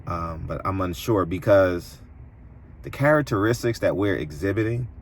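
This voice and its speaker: A man delivering an opinionated commentary monologue as a boxing commentator, preachy and emphatic, his voice jumping higher when indignant. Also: normal speed, a little hiss or hum.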